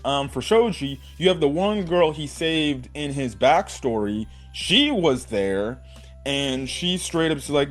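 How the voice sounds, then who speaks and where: A young man giving a casual, excited episode review, talking in a loose run of fillers and slang. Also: on the high side, slow, soft background music. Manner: excited fan talk, many fillers and "bro". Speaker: anime reviewer.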